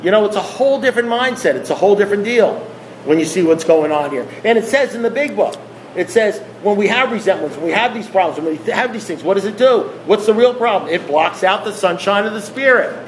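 A man's voice: high-pitched, animated, fast talker, slight background noise, low-quality recording. A man speaking to a recovery meeting, emphatic and repetitive, firing rhetorical questions at the room. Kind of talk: impassioned talk to a group.

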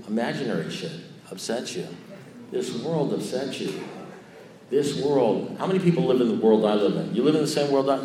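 A man's voice: medium pitch, a little mellow, slight background noise. A man in his sixties tells a rambling, joking personal recovery story to a group, swearing casually and restarting his sentences. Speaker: speaker at a recovery meeting. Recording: echoey room.

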